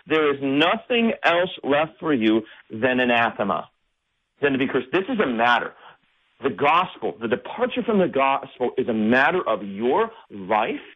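A pastor teaching a bible study with animated energy, his voice rising into forceful outbursts. The sound is thin and tinny, like a phone line on radio. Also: medium pitch, measured pace, breathy edge. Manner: animated, builds to emphatic outbursts.

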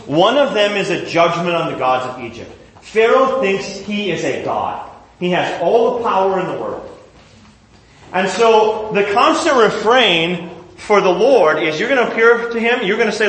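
A man teaching a Bible lesson to a class with handouts, retelling the story in an animated, conversational way. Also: sits high, roomy sound, slight background noise.

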